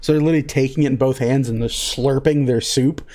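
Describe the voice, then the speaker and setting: A man's voice: mid-range voice, fairly even intonation, fast talker, warm tone. A man running a tabletop game as game master, narrating casually with lots of fillers.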